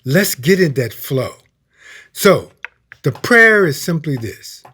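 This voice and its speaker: A man giving a sermon as minister, slow and emphatic, dropping to a hushed tone for prayer. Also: a little high, very animated, breathy edge.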